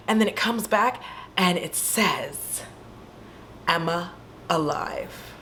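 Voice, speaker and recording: A woman's voice: on the low side, slight background noise. A young woman casually retelling a horror movie at home, acting out the screams and lines as she goes. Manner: animated, acts out scenes and screams.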